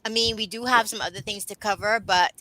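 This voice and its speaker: Woman, host, casual talk, earnest, repeats words, bright tone. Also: medium pitch, fairly even intonation, brisk, no room sound, low-quality recording. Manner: warm, earnest, repeats herself, talks to guest by title. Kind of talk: casual conversation.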